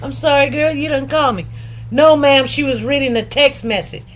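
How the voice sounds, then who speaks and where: A middle-aged woman chats on her own live stream in an easy, rambling way. Her voice sits a little high, and she greets her viewers one by one and doubles and triples words to drive a point home. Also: normal speed. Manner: chatty, greets viewers by name, repeats words for emphasis. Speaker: livestream host. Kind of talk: casual live-stream chat.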